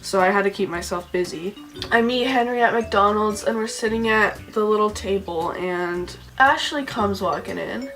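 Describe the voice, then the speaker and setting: A young woman at a middle pitch tells a story in a chatty, emotional storytime style, leaning on "like" in nearly every sentence. Soft music plays faintly underneath. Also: normal speed. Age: young adult. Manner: says "like" constantly, chatty and emotional. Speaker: vlogger. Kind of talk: casual storytime.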